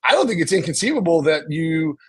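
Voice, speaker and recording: Podcast host, man, husky, slightly high voice, rambling casual sports talk. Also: very animated, fairly quick. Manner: rambling, lots of restarts and fillers.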